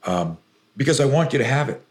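With a medium-pitched, sing-song voice and a slightly fast delivery, this middle-aged man recounts stories as a podcast guest. He coaches self-defense, and his storytelling is intense and lively, peppered with casual cursing.

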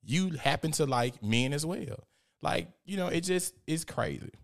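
A young adult man with chats casually, telling profane stories. He slips into the voices of the people he quotes, and his pitch leaps up sharply as he does. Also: measured pace, vocal fry. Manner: animated, profane storytelling with many quoted voices. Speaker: podcast host. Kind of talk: casual chat.

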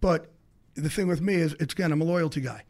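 A middle-aged man with a gravelly, fry-edged voice pitched a bit above most men. He tells his story fast and excitably and acts out everyone in it. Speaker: guest, sports insider. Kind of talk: animated storytelling.

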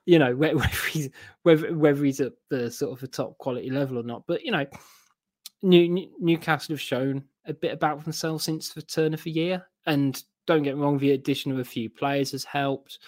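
A man's voice: a little high, steady tone, brisk, a little mellow, no echo, studio quality. A man speaking as a football fan guest in a casual podcast chat. He hedges and restarts his sentences as he talks. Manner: rambling, hedging with restarts.

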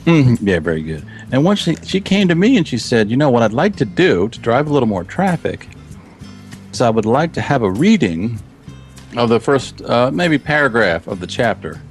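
A man's voice: mid-range voice, sing-song, normal speed, faint music behind. A man chatting as a podcast guest about his video projects in a casual, rambling way, often restarting sentences and chuckling.

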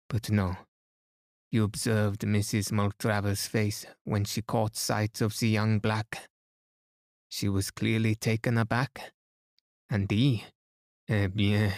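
Man voicing a fussy Belgian detective, precise, French phrases, low voice, unhurried, bedtime story. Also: darkish tone, no echo, clean studio sound. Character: fussy middle-aged Belgian male detective.

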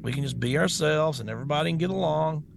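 A man's voice: on the high side, fast talker, gravelly, noisy background. A man with a Southern accent co-hosting a talk show, blunt and mocking, laughing often. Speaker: co-host. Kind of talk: casual political talk show banter.

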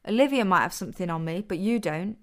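A woman voicing a nervous, sullen young man in a storybook reading, quiet and hesitant. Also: medium pitch, animated, quick pace, close to an everyday voice.

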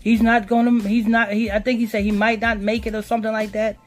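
A woman's voice: a little high, level tone, fast, faint music behind. A woman co-hosting a casual commentary podcast, blunt and emphatic, often repeating her points. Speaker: podcast co-host.

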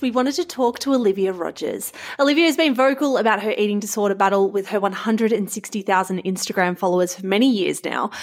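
A woman host narrating a scripted introduction in a measured, clear way. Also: medium pitch.

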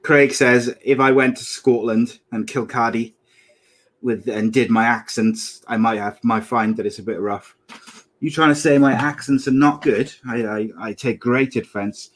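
A man's voice: medium pitch, steady tone, measured pace, fairly bright tone. A Welsh man co-hosting a podcast, rambling and teasing in casual chat. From Wales. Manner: rambling, teasing, lots of fillers. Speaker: podcast co-host.

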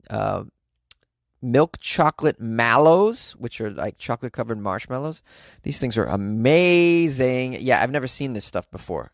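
Guy hosting his podcast, raspy gravelly voice, rambling with lots of uhs, super dry sound. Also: mid-range voice, no room sound. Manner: chatty, joking, many fillers and restarts. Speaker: podcast host. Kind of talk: casual solo podcast talk.

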